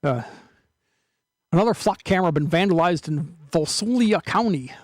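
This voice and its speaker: A man's voice: high voice, expressive, normal speed, no room sound. A man hosting his own show, making sarcastic jokes while reading news headlines aloud. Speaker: show host. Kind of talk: casual commentary on news clips.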